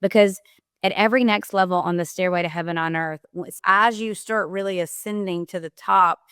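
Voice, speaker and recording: A woman with a smooth, clear voice and a dry, close sound talks as a podcast guest. She explains her ideas with energy and vivid examples, like a coach. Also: fairly low pitch, fairly even intonation, fairly quick, fairly bright tone, dry recording. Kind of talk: motivational interview talk.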